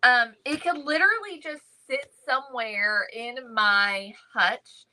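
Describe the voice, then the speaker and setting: A woman's voice: a little high, takes it slowly, pushed and bright, poor audio. A woman hosting a live crafting stream, chatting casually about thrift finds and greeting viewers by name. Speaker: crafting livestream host. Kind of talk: casual thrift haul chat.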